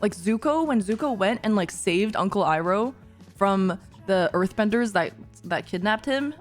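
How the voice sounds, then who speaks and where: A woman streamer chats casually in a mid-pitched voice, gushing and giggling as she reacts to a show. She is excitable and swears freely. Soft music plays faintly underneath. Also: normal speed.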